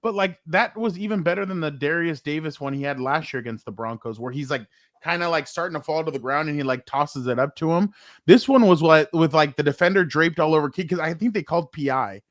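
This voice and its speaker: Man, sports host, casual chat, fairly high-pitched, animated storyteller, filler-heavy, dry. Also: fairly quick, no room sound.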